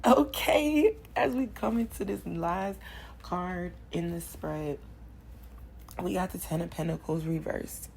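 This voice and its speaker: A woman's voice: on the low side, fairly even intonation, unhurried, creaky, a little mellow, a little hiss or hum, poor audio. A young woman doing a channeled tarot reading, preaching affirmations with passion and sighing between lines. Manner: impassioned, preachy, repetitive affirmations. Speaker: spiritual card reader.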